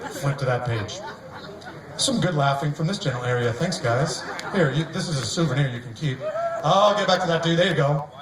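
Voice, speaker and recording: A man doing a live stand-up set on an outdoor stage, wry and deadpan, sometimes laughing at his own jokes. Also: fairly high pitch, brisk. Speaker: stand-up comedian. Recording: echoey, distant mic, noisy outdoor crowd. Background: outdoor crowd ambience.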